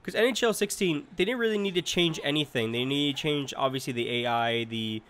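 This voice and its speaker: A man's voice: a little high, fairly quick, fairly bright tone. A young man giving casual let's-play commentary over a hockey video game, rambling and repeating himself with many fillers. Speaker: gaming commentator.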